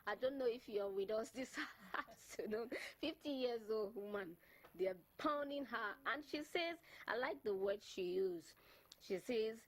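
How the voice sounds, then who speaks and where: A woman hosting a talk show, animated and laughing often, stumbling and repeating words as she talks. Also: on the high side, a little slow, low-quality recording. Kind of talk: bilingual talk show chat.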